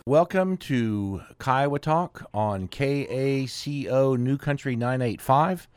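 A man hosting a radio show, introducing guests in an unhurried way with fillers. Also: mid-range voice, a little mellow, clean tone, dry recording.

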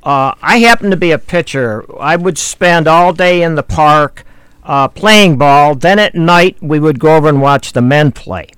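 A man's voice: fairly high pitch, a little slow, a bit bright, smooth, no room sound. A man, hosting and telling folksy baseball stories with fillers. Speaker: host. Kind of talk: reminiscing talk show chat.

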